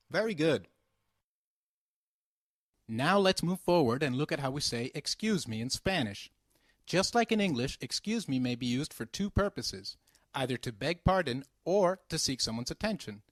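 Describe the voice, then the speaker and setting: A man's voice: mid-range voice, a bit bright, no room sound, studio quality. A man giving a scripted language lesson, patiently saying phrases and asking the listener to repeat them. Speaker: language teacher.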